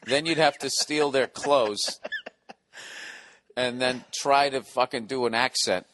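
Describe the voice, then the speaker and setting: A man's voice: medium pitch, takes it slowly, noisy background. A man hosting a podcast in casual chat, skeptical and teasing, and he swears freely. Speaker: podcast host.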